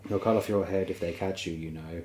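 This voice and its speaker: Man reading nervous joking young recruit: low voice. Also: steady tone, a little fast, darkish tone, a little hiss or hum, lightly acted.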